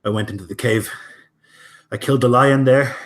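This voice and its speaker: A man's voice: mid-range voice, normal speed, natural voice. A man voicing an earnest young female orc in a tabletop game, speaking plainly and formally.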